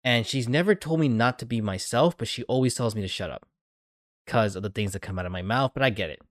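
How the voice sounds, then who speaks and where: A man's voice: medium pitch, fast talker, no echo, clean studio sound. Frank, profane young male podcast host. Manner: frank, profane, self-deprecating. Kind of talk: candid casual chat.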